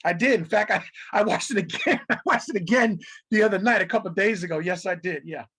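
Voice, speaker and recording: Higher-pitched husky guy, middle-aged, guest chatting, acts out quotes, laughs a lot. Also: fast talker. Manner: animated storyteller who acts out quotes, laughs often. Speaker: guest, television executive. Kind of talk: casual interview storytelling.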